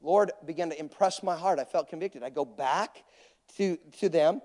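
A man's voice: on the high side, normal speed, darkish tone. A male preacher telling stories in a conversational, anecdotal sermon. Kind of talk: sermon storytelling. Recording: long reverb of a large hall.

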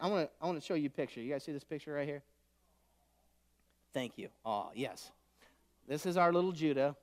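A man in his thirties delivers a sermon in a fairly high voice. He preaches with swings from loud, pleading bursts to soft, intimate asides. The hall carries a long, lingering reverb. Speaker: pastor.

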